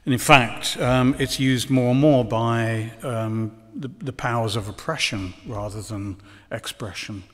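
A man's voice: medium pitch, a little slow. Man lecturing in a reverberant hall. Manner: hesitant, many ums, dry ironic asides. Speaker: conference lecturer. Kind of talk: conference lecture.

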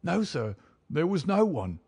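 A man's voice: high-pitched, wildly swooping pitch, moderate pace, dark tone, slightly rough, no echo, voice pushed up, exaggerated voice. A man voicing a frightened, defensive male college servant who answers in strained, pleading denials. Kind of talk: audiobook character reading.

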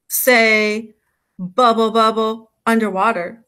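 A woman's voice: fairly high pitch, fairly even intonation, slow, sharp tone. A woman voicing a patient, encouraging mother frog who coaxes her son along. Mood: reassuring. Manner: coaxing, patient.

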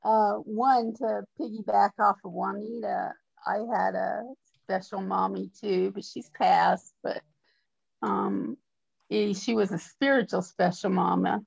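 Gravelly woman on a dull lo-fi call. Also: medium pitch, a little mellow. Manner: earnest, encouraging, halting with fillers. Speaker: Bible study group member. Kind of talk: group discussion sharing.

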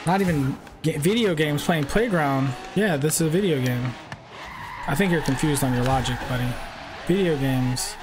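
A brash streamer in his twenties curses his way through a racing game, firing back at chat trolls as he talks casually. His voice leans high and moves at a moderate clip, with loud car sounds from the game filling the background.

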